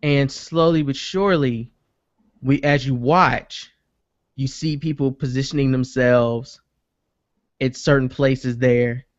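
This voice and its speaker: In a muffled recording with no echo, a man hosting a casual podcast delivers an energetic story at a slow pace in a mid-range voice. He acts out people's lines and swears freely.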